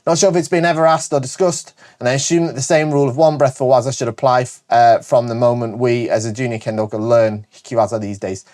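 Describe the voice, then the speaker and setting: A British man with a northern English accent hosts a casual show answering viewer questions, chatting quickly and correcting himself often. His voice is medium-pitched and somewhat dark, with fairly even intonation.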